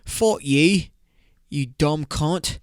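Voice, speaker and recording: A man's voice: a little high, extremely slow, clear, resonant tone, no room sound, studio quality, voice pushed up. A man doing a swaggering, crude young British lad in a put-on British accent. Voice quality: profane, boastful.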